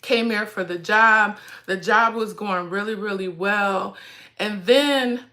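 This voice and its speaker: A woman's voice: mid-range voice, slow pace, sharp tone. A woman, hosting a casual handbag livestream, chatty and emotional, fighting back tears. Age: 40s. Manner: chatty, addresses viewers as y'all. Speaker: handbag vlog host.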